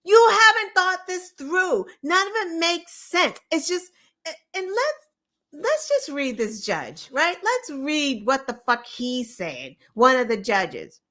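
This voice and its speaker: Fiery high-voiced woman host. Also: sing-song, slow, bright, forceful tone. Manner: impassioned, profane, firing rhetorical questions. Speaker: show host. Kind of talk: opinionated political commentary.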